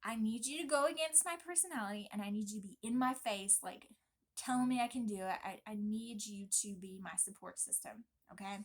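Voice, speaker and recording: A young woman vlogging casually, talking in an emphatic, chatty and animated way. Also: medium pitch, a little fast. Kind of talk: casual pregnancy vlog talk.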